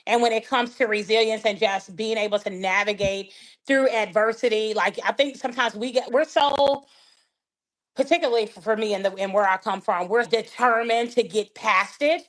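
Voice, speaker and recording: A woman's voice: a little high, moderate pace. A woman guest on a podcast, a life coach telling faith-filled stories and acting out the people in them. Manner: animated, acts out dialogue in her stories. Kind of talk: faith-based conversational storytelling.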